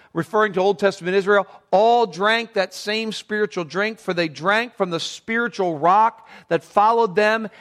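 A male pastor delivers a sermon from the pulpit in a fairly high voice. He stretches out and lifts the words he wants to stress, then drops low again to carry on. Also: fairly bright tone. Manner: emphatic preaching, slowing and rising to stress key words. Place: church sanctuary.

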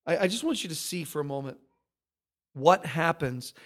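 A man preaching a sermon, emphatic and animated, stacking up repeated phrases as he tells the story. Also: fairly high pitch, normal speed. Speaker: pastor.

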